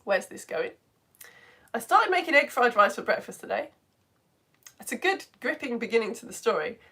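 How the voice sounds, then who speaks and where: A woman's voice: a little high, big pitch swings, moderate pace, sharp tone, slightly rough. Bubbly woman teacher. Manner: bubbly and exclamatory, gasping with delight. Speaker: teacher hosting a live online lesson. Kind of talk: live-streamed lesson, reading viewer comments aloud.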